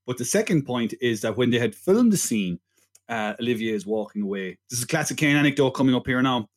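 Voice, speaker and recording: A man's voice: medium pitch, animated, brisk. A man co-hosting a film podcast in casual chat, rambling and jokey. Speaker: podcast co-host.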